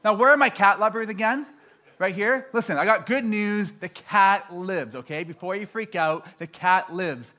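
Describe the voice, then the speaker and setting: Animated self-mocking male stand-up comic. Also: high-pitched, normal speed. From Canada. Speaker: stand-up comedian. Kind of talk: stand-up storytelling.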